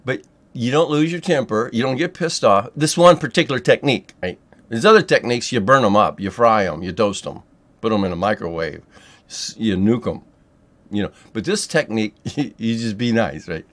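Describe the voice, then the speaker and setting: Low-voiced man rambling profanely. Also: animated, normal speed, a bit bright. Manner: loose and profane, rambling with many fillers. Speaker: spiritual technique teacher. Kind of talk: casual monologue to camera.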